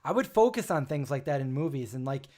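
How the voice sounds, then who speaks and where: A man's voice: mid-range voice, lively intonation, fast, dark tone. A man hosting a casual livestream chat who rambles and exclaims a lot. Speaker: show host.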